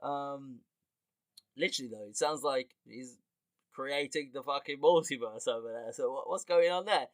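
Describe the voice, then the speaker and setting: A man hosting a podcast as a casual comedic monologue, animated and quick to laugh, with casual swearing. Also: medium pitch, no room sound. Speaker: podcast host.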